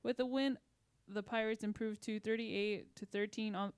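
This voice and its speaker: A woman's voice: mid-range voice, steady tone, clean tone, dry recording. Young woman reading sports headlines. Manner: brisk, stumbling over names. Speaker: radio news reader.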